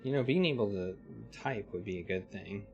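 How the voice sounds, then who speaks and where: A man's voice: on the low side, animated, normal speed, dull audio, slight background noise. A man streaming a live text adventure, thinking aloud, reading the game text and greeting his chat. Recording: faint music behind.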